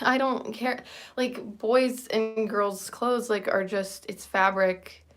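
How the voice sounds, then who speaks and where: A woman's voice: mid-range voice, steady tone, takes it slowly, fairly bright tone. A woman in her thirties hosting a casual livestream chat, rambling and self-deprecating and often laughing. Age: 30s. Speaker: livestream host.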